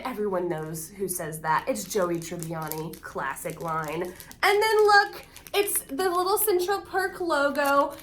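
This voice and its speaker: A woman with a high, bright voice that swings widely up and down as she talks. She gushes with excitement in a casual unboxing vlog. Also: a little hiss or hum. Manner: excitable and gushing. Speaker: AuthorTube vlogger.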